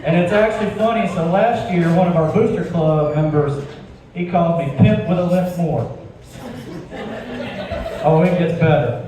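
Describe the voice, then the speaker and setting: A man's voice: fairly high pitch, normal speed, pauses often, warm tone. A man from Georgia, doing a self-deprecating stand-up set and telling stories in a conversational way on a club stage. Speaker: stand-up comedian. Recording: echoey club from far off, crowd. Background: audience.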